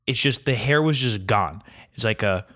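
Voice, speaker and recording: A man's voice: mid-range voice, animated, normal speed, pushed and bright. A young man ranting in a casual comedic monologue, grumpy and mocking. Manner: grumpy, ranting, mocks mispronunciations.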